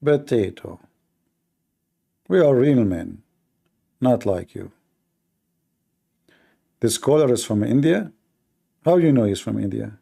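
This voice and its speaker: A man's voice: mid-range voice, animated, slow, gravelly, pauses often, warm tone, breathy edge. A male livestream debate host who talks in a mocking, combative way, with sarcastic jabs and broken, non-native grammar. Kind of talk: combative live debate talk.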